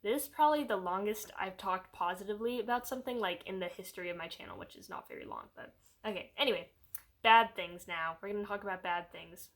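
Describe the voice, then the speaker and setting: A woman's voice: mid-range voice, fast talker. Young woman vlogger, chatty reviewer, lots of "like"s, mid-range voice, jumps into quoted voices. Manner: rambling, animated, heavy use of "like"; puts on voices when quoting characters. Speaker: video reviewer. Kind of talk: casual spoken movie review.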